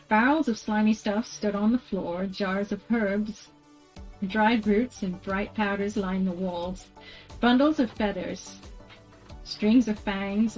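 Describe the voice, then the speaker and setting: A woman reads a book aloud to her stream at an ordinary middle pitch. She often trips over a word, restarts and apologizes before carrying on. Faint music runs quietly in the background. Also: low-quality recording. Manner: stumbles over words, corrects herself and apologizes. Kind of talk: casual read-aloud on stream.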